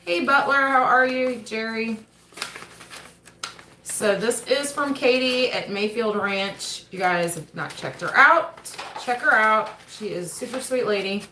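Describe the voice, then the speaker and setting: Chatty mom hosting a roomy home livestream. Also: female voice, mid-range voice, expressive, measured pace, hardly any pauses, pushed and bright, a little hiss or hum. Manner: chatty, keeps breaking off to talk to her kids. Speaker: homestead channel host and mother. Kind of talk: casual livestream mail call. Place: at home, seated at a table. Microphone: camera on the table.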